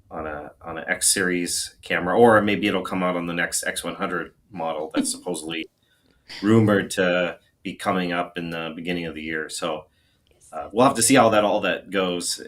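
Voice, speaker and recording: A man's voice: low-pitched, fairly bright tone. A man co-hosting a photography live stream, explaining the history of a film stock in a rambling, casual way with repeated words. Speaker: co-host and photography blogger.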